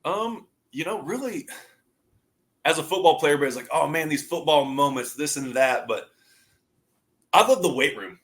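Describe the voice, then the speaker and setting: Former lineman guest: man, thirties, a touch high-pitched, loose and profane storyteller. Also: normal speed, long pauses. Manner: loose, profane, animated, laughs through stories. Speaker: guest, former college football player. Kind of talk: casual storytelling interview.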